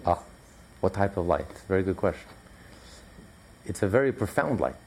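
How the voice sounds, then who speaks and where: A man's voice: low-pitched, big pitch swings, moderate pace, background noise. A man teaching a religious class in an emphatic, repetitive, conversational way, with many fillers.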